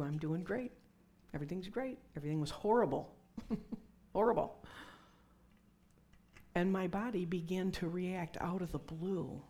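A woman's voice: lowish voice, mellow. A middle-aged woman preaching a conversational sermon with personal testimony, dropping to whispers for emphasis.

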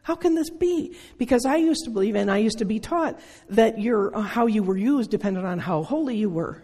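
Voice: mid-range voice, expressive, brisk, a little mellow, slightly rough. A preacher in their sixties giving an earnest, conversational sermon full of rhetorical questions. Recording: long reverb of a large hall.

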